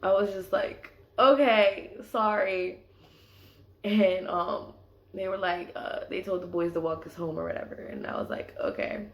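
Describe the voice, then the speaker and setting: A woman's voice: fairly low pitch, fairly even intonation, normal speed. A young woman casually telling a personal story, filling her sentences with "like". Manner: chatty, leans on "like" as filler. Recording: echoey room.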